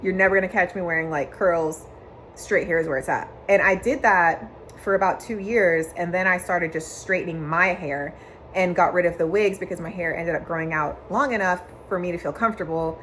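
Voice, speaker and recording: A woman's voice: on the low side, brisk, fairly bright tone, slight background noise. A young woman vlogger telling a personal story, candid and emotional, with many "like" fillers.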